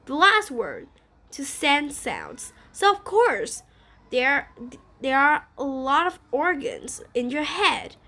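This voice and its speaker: Slow high-voiced woman teaching vocabulary. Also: very animated, pushed and bright. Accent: Vietnamese. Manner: slow, repeats words, asks simple questions. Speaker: English teacher. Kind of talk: vocabulary lesson for children.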